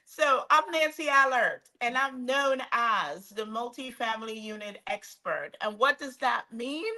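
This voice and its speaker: A woman guest on a video call, a real estate coach, talking with lively enthusiasm. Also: fairly high pitch, measured pace. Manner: lively, enthusiastic, laughs a lot. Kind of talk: casual video call chat.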